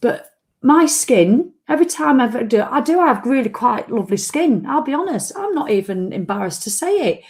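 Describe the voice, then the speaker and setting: A woman's voice: fairly high pitch, sing-song, a little fast, hardly any pauses, a little mellow. Blunt woman ranting. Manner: blunt, ranting, swears freely. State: tired after a run. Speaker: vlog host. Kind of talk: casual live-stream chat.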